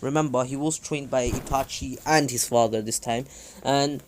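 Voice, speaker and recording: A man's voice: medium pitch, fairly even intonation, moderate pace. A man casually telling a fan-fiction story, rambling with lots of fillers. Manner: rambling, many fillers and restarts.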